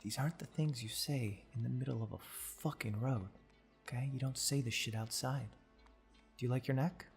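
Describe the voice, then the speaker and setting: A man's voice: mid-range voice, moderate pace, gravelly, soft background music, natural voice. A man playing a smirking female airship captain. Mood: warning. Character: female airship captain Tessa, smiling, guarded.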